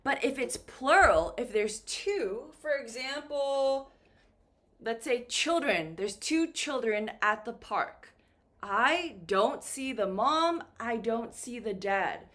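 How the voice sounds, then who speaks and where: A woman teaching English to beginners at a deliberate, unhurried pace. Her voice sits a little high and swings widely in pitch as she acts out example questions. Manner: slow and lively, with acted-out example questions. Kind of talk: slow, clear beginner English lesson.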